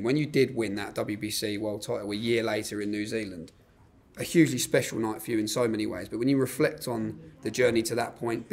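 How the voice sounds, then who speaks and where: A man interviewing a boxer, asking long leading questions. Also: lowish voice.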